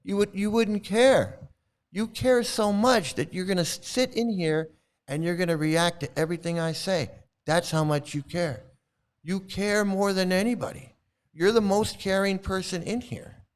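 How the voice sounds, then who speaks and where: A man's voice: sits high, fairly even intonation, moderate pace. A man hosting a livestream, talking straight to his chat in a combative, repetitive way. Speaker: livestream host. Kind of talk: livestream commentary, answering chat.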